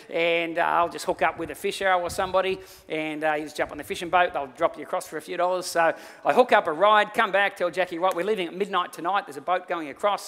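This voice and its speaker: A middle-aged man, preaching a sermon and telling a funny personal story, animated and often laughing. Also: high-pitched. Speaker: pastor. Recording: long hall reverb from auditorium.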